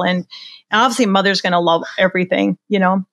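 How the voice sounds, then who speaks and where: A woman's voice: medium pitch, steady tone, a little fast, a bit bright, no echo. An older woman, a portrait photographer, talking in a casual interview with enthusiasm and many restarts. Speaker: senior portrait photographer, guest.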